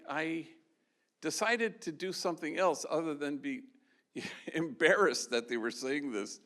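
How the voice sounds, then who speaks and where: Gravelly-voiced priest telling a story. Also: male voice, a little high, fairly bright tone. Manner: conversational and anecdotal, with frequent restarts and filler. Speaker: Jesuit priest giving an award talk. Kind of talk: storytelling speech to an audience. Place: event hall with a live audience.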